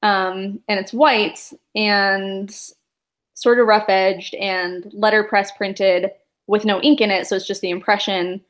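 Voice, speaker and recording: Woman game master, casual rambling narration full of fillers, mid-pitched. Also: flat delivery, slow, a bit bright. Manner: rambling, many fillers and laughs.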